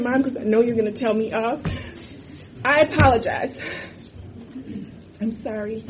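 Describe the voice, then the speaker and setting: High-voiced impassioned woman at a meeting. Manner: impassioned and emphatic, repeats phrases for force. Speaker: university board member. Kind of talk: impassioned statement at a public meeting. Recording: muffled lo-fi audio with faint background noise.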